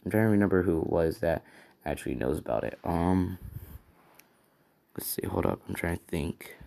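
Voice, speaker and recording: A man's voice: low voice, lively intonation, moderate pace, vocal fry, warm tone. A man improvising a fan story in a casual, rambling way, thinking aloud and correcting himself as he goes.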